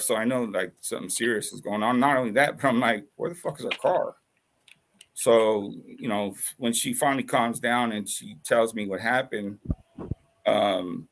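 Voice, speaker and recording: A man with a gravelly, creaky voice tells a personal story in loose, casual talk. He rambles, swears freely, and fills the gaps with fillers and restarts. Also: lowish voice, a bit bright, a little hiss or hum. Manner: rambling, profane, full of fillers.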